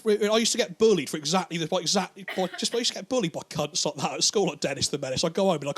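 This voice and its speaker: A man doing a stand-up comedy routine, rambling and profane, slipping into quick voices for the characters he describes. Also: high voice, husky.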